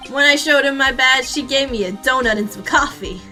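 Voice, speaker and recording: Woman playing a gruff male detective, put-on southern drawl, loud and blustering, game voice, music behind. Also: sits high, a little fast, lightly acted. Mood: pleased. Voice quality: loud, blustering, says pal.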